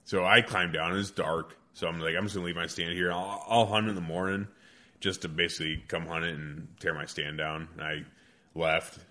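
A man's voice: sits low, moderate pace. Swearing man telling a hunting story. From American Midwest. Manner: animated, heavy swearing, rambling. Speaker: guest hunter. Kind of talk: casual storytelling.

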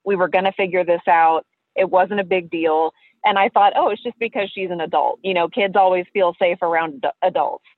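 A woman's voice comes through a thin, tinny phone line with no room echo at all. She is a listener calling in, telling her story in a lively, casual way and breaking into laughter often. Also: on the low side, brisk. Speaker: listener caller.

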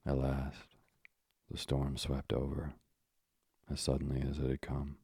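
In a measured, old-fashioned manner, a man narrates a classic storybook and pauses for moralizing asides. His extremely deep, dark voice carries heavy fry and stays almost completely flat. The recording is close and dry, with no echo.

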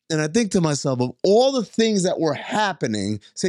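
A man's voice: normal speed, hardly any pauses, dry recording, studio quality. A man co-hosting a podcast, telling a story in casual chat and acting out the dialogue. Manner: animated storyteller, acts out dialogue in higher voices. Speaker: podcast co-host.

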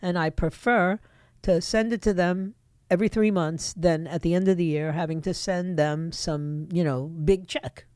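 A woman's voice: on the low side, fairly even intonation, normal speed, a little mellow, dry recording, clean studio sound. A middle-aged woman hosting a political talk radio show, opinionated and emphatic, talking straight to her listeners.

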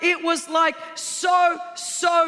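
Woman, preacher, high-pitched, bright, humorous sermon, long hall reverb. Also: very slow. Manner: humorous, animated storytelling with asides.

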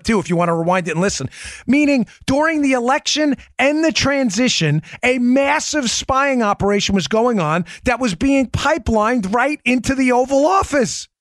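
A podcast host with a fairly high, slightly bright voice for a man runs a political commentary show, driving home points with emphatic rhetorical questions. He checks in with his co-host by name, and the recording is dry and close with no room echo.

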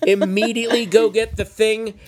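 A man in casual conversation, dry and joking, pushing back with deadpan logic. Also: sits high, moderate pace. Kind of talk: casual chat.

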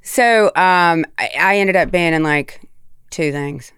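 A woman's voice: lowish voice, slow, a bit bright, slight background noise. A woman from the American South, an actress chatting candidly on a podcast, casual and given to swearing. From Tennessee, US South. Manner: chatty and candid, swears freely, demonstrates accents. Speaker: actress guest.

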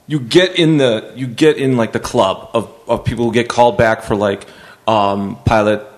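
A man hosting a podcast, asking laid-back, halting questions and laughing often in casual conversation. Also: medium pitch. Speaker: podcast host. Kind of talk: casual interview chat.

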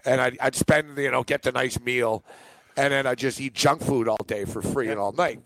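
A man hosting a sports podcast, telling stories in an animated, chatty way and laughing along. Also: mid-range voice, moderate pace, no room sound. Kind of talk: casual sports chat.

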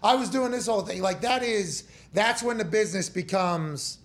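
A man hosting a sports talk show, telling stories in a profane, animated way. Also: high voice, moderate pace. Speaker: show host.

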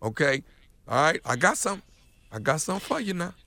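Radio host, male, gravelly voice, dry studio, hyped and playful. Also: fairly high pitch, big pitch swings, quick pace, sharp tone, dry recording. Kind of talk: radio promo talk.

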